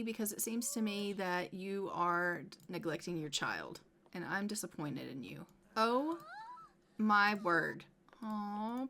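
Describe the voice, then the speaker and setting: A young woman talking her way through a life-sim game at an ordinary middle pitch, chatty and teasing. She nags the characters she controls in mock exasperation and slips into hushed asides now and then. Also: expressive, slow pace, background noise. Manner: chatty, playfully scolding her game characters, sometimes dropping to a whisper. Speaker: gameplay video host. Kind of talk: casual let's-play commentary.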